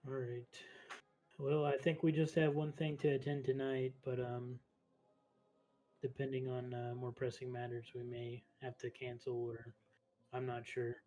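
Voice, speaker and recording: A man playing a tabletop horror game, talking in a hesitant way with frequent pauses. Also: medium pitch. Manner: flat, hesitant, with "um". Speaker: player. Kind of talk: tabletop game role-play.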